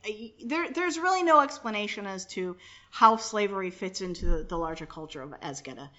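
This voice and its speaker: A woman's voice: medium pitch, lively intonation, brisk, bright, forceful tone. A woman hosting a podcast, chatting casually in a brash, joking, profane way. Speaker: podcast host. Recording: dull lo-fi podcast audio.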